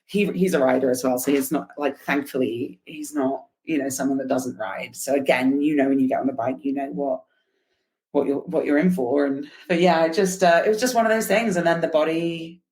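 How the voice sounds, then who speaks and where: Low-voiced woman telling a story. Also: fairly quick. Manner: animated, laughing storyteller with fillers. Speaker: podcast guest. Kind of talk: casual storytelling interview.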